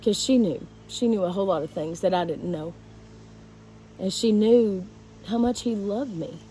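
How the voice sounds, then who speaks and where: Woman vlogging her own hard story, warm soft tone, stops and restarts a lot, bit of faint hiss. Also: medium pitch, low-quality recording. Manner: emotional, halting, with restarts. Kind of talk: personal storytelling to camera.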